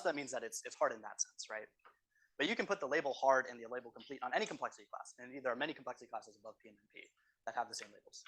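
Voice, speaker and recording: A man's voice: medium pitch, pushed and bright. A man teaching an exam review lecture in a university classroom, explaining step by step and often checking in with "right?". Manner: explanatory, tags statements with "right?". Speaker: course teaching assistant.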